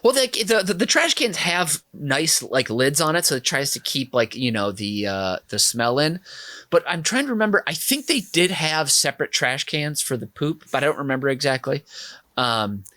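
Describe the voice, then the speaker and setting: Podcast guy, gets excited, lots of stop-start, super dry sound. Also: a little high, moderate pace, no room sound. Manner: excitable, hesitant restarts. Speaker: podcast contestant. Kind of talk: casual comedic chat.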